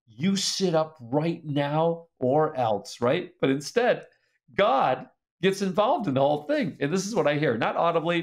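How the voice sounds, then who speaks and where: A middle-aged man in an interview, telling a story in an animated way and laughing as he reads old letters aloud. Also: a little high. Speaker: author and speaker.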